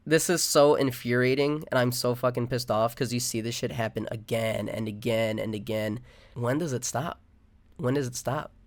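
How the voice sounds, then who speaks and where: A man delivering an angry, profane rant into the camera, full of restarts and filler. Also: medium pitch. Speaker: vlogger. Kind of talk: angry ranting monologue.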